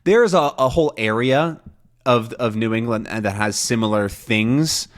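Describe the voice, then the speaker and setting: A man hosting a podcast lesson for English learners, talking in a relaxed, loose way with many fillers and restarts. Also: mid-range voice, measured pace. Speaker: podcast host and English teacher. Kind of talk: casual spoken lesson.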